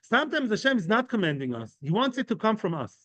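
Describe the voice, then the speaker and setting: A Talmud teacher with a high, very animated voice talks fast with a slightly bright tone, and the recording is dry. Teaching a class of men informally, he unpacks each term with everyday examples and keeps checking in conversationally with "right?" and "yeah?".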